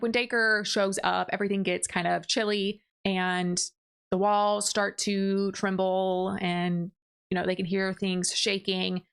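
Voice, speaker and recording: Chatty woman with a smooth voice. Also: mid-range voice. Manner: chatty, lively retelling with quick asides and brief laughs; briefly mimics characters' lines. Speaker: book reviewer. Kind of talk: casual plot recap.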